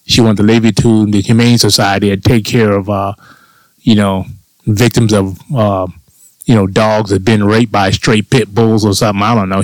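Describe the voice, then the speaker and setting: A man with a low voice rants through a personal story, crude and sarcastic, swearing at every turn. He talks casually on his own show. The sound is dry and close, with no room around it. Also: no echo, poor audio. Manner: swears often. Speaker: podcast host. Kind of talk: casual profane monologue.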